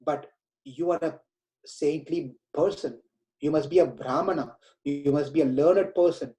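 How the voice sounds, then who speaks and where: A man's voice: a little high, measured pace, dark tone, natural voice, rough recording. A man voicing a humbled king who urgently questions a sage. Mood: awed questioning. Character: humbled male king, awed and pleading.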